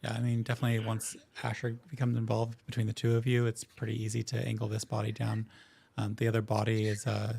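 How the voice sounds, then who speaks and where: A man narrating as game master in a tabletop game, relaxed and easygoing, with frequent hesitant fillers. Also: fairly low pitch, quick pace, gravelly, slight background noise.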